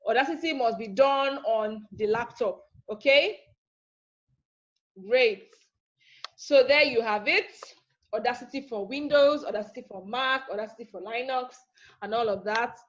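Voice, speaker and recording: A woman's voice: on the high side, a little slow. Chatty woman teaching online, lo-fi. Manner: chatty, teasing, repeats herself with "okay?". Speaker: online class instructor. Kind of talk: live online teaching session. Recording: dull lo-fi.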